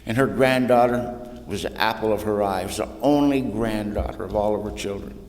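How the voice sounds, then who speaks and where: A man from Southern California moves briskly through his testimony at a recovery meeting podium, facing an audience in a hall. Humor and casual southern-tinged slang, "ain't" and "y'all," run through it, and his voice sinks soft and low for the painful stretches. The hall echoes, with faint room noise.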